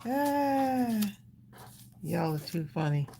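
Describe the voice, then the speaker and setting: A woman's voice: on the high side, big pitch swings, very slow, creaky, mellow, a little hiss or hum. Giggly woman crafting on a livestream. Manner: giggly, talks while crafting. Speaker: co-host. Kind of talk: casual livestream chat.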